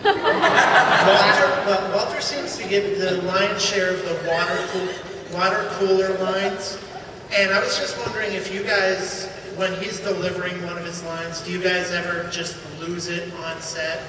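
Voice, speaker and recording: A man's voice: high voice, fairly even intonation, measured pace, background noise. A male fan asking the panel a question, earnest and slightly stumbling over his words. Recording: echoey hall, distant, loud crowd.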